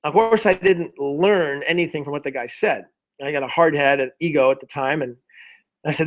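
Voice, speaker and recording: High-voiced man telling a success story. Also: normal speed. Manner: animated, acts out his past self in quotes, many restarts. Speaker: motivational speaker. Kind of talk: personal storytelling on a group call.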